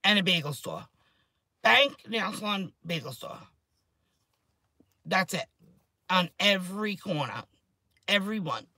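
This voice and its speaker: A woman, rambling excitedly and swearing freely in a casual chat to camera, her voice a little hoarse. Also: lowish voice, a little slow, pauses often, no echo. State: hoarse throat. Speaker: vlogger.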